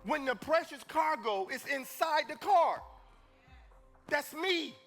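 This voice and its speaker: A man giving a live motivational speech at a conference, preacherly, moving between hushed confession and loud calls to the audience. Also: very high-pitched, animated, slow, faint music behind. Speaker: motivational speaker. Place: conference stage before an audience.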